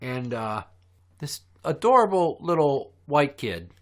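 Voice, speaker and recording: A man's voice: medium pitch, slow pace, slight background noise. Foul-mouthed man telling a story. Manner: profane, animated storyteller. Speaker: podcast host. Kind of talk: casual storytelling chat.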